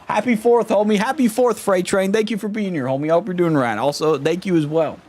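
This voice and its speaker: A man streaming a video game, excitable and slangy, laughing often as he reads along. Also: high voice, a little fast. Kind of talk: let's play stream commentary.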